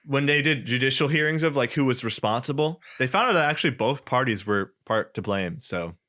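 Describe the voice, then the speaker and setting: A man co-hosting a casual podcast chat, telling a story in an animated way and acting out quoted voices. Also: medium pitch, fairly quick. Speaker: podcast co-host.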